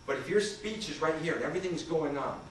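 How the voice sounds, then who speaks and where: A man's voice: a little high, lively intonation, fast talker. A man who trains people in communication, giving an interactive seminar presentation and putting questions to his audience. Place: large conference hall. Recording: echoey hall, voice far from the mic, faint noise.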